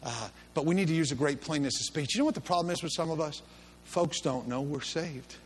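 A man's voice: on the high side, a little fast, slightly rough. A middle-aged man preaching a sermon in a church service, telling stories in a folksy, chuckling way. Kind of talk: sermon with storytelling.

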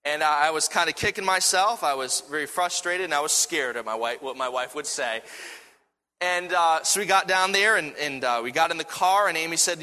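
A man preaches in an animated storytelling manner, stumbling and restarting as he goes. His voice sits a little high and sounds bright and forceful. A long reverb trails each phrase, as in a large church hall. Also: a little fast. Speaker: pastor. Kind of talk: sermon.

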